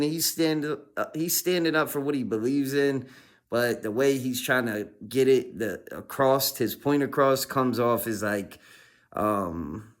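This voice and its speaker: Laid-back man doing reaction commentary. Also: medium pitch. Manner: laid-back, lots of fillers like "you know what I mean". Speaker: reaction streamer.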